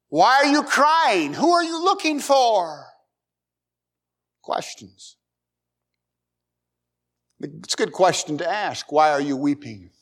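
Folksy emphatic man preaching a sermon. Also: a little high. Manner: emphatic, rising loud at key points; folksy, repeats words. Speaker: pastor.

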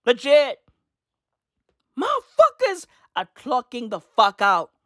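A woman vlogger tears through a profane, slang-heavy comic rant, repeating her points for emphasis. Her voice sits a touch high and leaps around a lot. The sound is dry, with no room tone. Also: wildly swooping pitch, slow, no room sound.

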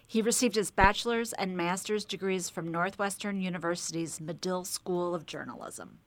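A woman's voice: mid-range voice, a bit bright, no room sound. Teasing woman co-host, dry close mic. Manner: teasing, reads intro smoothly. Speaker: guest radio co-host. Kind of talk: radio interview hosting.

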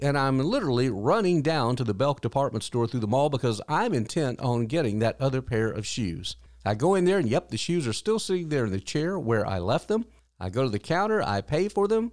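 A man's voice: mid-range voice, no room sound, clean studio sound. An older man hosting a podcast, telling a personal story in an earnest way and lifting his voice when he quotes people. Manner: earnest, acts out quotes in a raised voice. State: widowed, grieving but hopeful. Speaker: podcast host.

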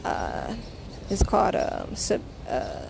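A woman's voice: lowish voice, wildly swooping pitch, slow, vocal fry, background noise. A woman hosting her own show, talking in a blunt, profane, emphatic casual monologue. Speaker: podcast host.

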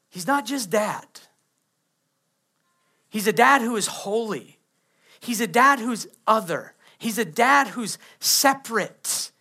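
Bright-voiced pastor preaching playfully. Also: male voice, very high-pitched. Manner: playful, acts out quoted kids and prayers. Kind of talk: sermon.

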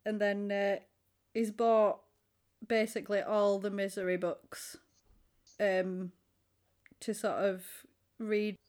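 A woman's voice: mid-range voice, little pitch movement, slow, long pauses, a little mellow. A woman chatting casually, retelling a film scene by scene with frequent laughter. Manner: chatty, giggly storyteller who acts out quotes. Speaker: podcast co-host. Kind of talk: casual chat recapping a film.

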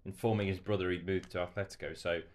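Speaking fast but keeping his low voice steady, this man from England hosts a podcast. His football chat is casual, full of laughter and self-mockery.

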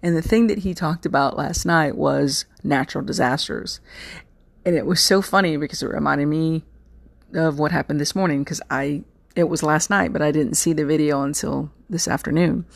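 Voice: mid-range voice, normal speed, gravelly, no echo. A podcast host from Texas in a rambling, chatty solo monologue, full of fillers and self-mocking asides. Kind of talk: casual solo podcast chat.

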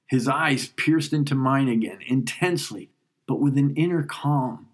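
A man's voice: mid-range voice, breathy edge. A man tells his own story in a mid-range voice. He narrates reflectively and with feeling, letting moments breathe. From New York. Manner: reflective, emotional, unhurried. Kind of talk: first-person story narration.

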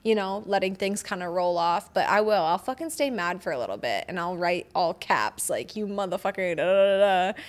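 A woman's voice: fairly low pitch, animated, normal speed, few pauses. Young woman, podcast host, casual chat, candid, swears, laughs often.

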